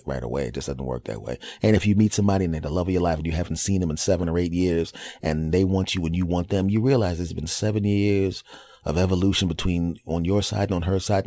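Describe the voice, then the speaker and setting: Low-pitched and mellow, this forties-aged podcast host delivers a casual monologue. He tells it like a conversation and acts out little quoted reactions along the way.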